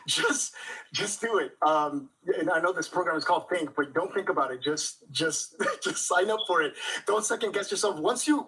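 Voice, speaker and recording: Husky, laughing man on a distant mic. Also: on the high side, pushed and bright. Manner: laughing, repeats words. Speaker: guest creator. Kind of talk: livestream interview.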